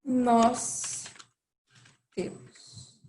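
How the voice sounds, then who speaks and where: Slow, patient woman teaching, echoey room. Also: fairly high pitch, completely flat delivery, dark tone. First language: Portuguese. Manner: slow, patient explaining with repetition. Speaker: language teacher. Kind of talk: online language lesson.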